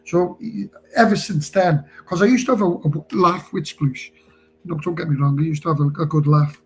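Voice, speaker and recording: A man's voice: fairly high pitch, moderate pace, slightly rough, poor audio. A man telling a rambling story on a live stream, chatty and laughing as he goes.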